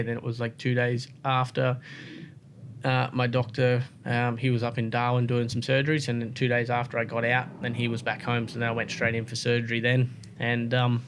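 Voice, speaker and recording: A man's voice: medium pitch, normal speed, noisy background. Laid-back Australian man telling stories. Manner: relaxed, rambling, many "like" and "um" fillers. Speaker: podcast guest. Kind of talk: casual interview storytelling.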